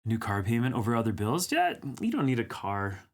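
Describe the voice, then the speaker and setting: A man's voice: medium pitch, huge pitch swings, brisk. A man hosting a livestream, chatting casually, greeting viewers and teasing them as he reads their comments aloud. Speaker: livestream host. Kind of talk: casual live-chat banter.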